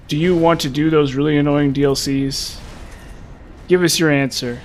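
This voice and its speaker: A man's voice: fairly high pitch, fairly even intonation, moderate pace, a little hiss or hum. A young man streaming a video game, chatting with viewers in a frustrated, self-mocking way with sudden exasperated outbursts. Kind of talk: live gameplay commentary chatting with viewers.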